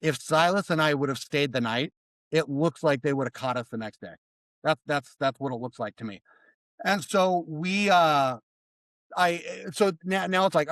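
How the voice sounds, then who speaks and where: A man telling a story as a podcast guest in a casual, animated way, mimicking other people and swearing freely. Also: fairly high pitch, moderate pace, dry recording. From United States.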